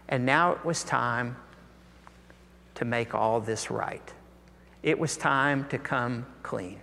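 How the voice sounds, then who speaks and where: A man's voice: medium pitch, a little slow, a bit bright. A man preaching a sermon, earnest and full of rhetorical questions, his voice rising when he presses a point. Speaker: pastor. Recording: long hall reverb.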